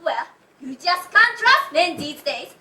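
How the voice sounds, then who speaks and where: A young woman playing a wry wife leaving her husband in an amateur stage play, calm and matter-of-fact. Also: very high-pitched, measured pace, background noise, heavily acted. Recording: echoey theatre from far off.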